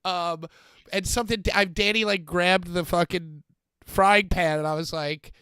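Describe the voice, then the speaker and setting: Man, high bright voice, dry close sound, rambling podcast co-host. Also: fairly even intonation, a little slow, clean tone, no echo. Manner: rambling, laughing, trails off mid-sentence. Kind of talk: casual podcast banter.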